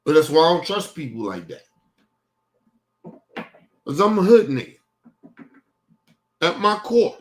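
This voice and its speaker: A young man on his stream complains about his family in a casual rant, voice on the high side and very animated. He talks a little slowly and pauses often, yet stays heated, profane, and repetitive.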